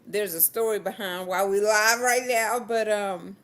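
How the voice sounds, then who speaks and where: A woman with a Southern US accent hosting a relaxed, upbeat live-stream chat. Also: mid-range voice. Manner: relaxed and upbeat, slow-paced. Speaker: host.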